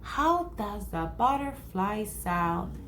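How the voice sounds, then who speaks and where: A woman teacher reading a picture book aloud to first graders, slow and encouraging, acting out each sound. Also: medium pitch, sing-song, a bit bright, a little hiss or hum.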